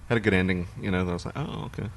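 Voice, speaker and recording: Deep-voiced man rambling about movies. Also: very fast. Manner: relaxed, rambling storyteller. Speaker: podcast co-host. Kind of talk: casual chat about movies.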